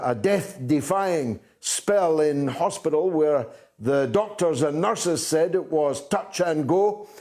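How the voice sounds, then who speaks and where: Slow, deliberate man with a high voice. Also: a little mellow. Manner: deliberate, emphatic, with frequent "uh" pauses. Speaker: talk show host. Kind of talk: political commentary monologue.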